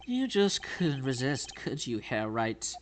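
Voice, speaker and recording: A man's voice: medium pitch, sing-song, a little hiss or hum. A man playing a smug, scheming prosecutor. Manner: slow, drawn-out, condescending. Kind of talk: reading game dialogue aloud.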